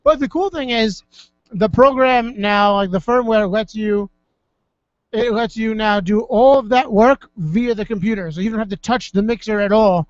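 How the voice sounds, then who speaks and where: A man with a high voice rambles through a casual, profane chat as co-host. The sound is dull and lo-fi, and the room is dry. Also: normal speed, dry recording. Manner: rambling, profane, filler-heavy. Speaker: podcast co-host. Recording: dull, lo-fi dry studio audio.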